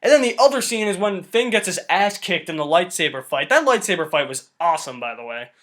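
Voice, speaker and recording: A young man giving a casual, excited film review, chatty and swearing loosely. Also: sits high, fairly quick. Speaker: movie reviewer.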